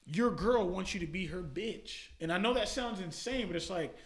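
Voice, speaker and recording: A man telling stories in a casual chat as a podcast guest, animated, full of slang and swearing, laughing often. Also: sits high, normal speed, roomy sound.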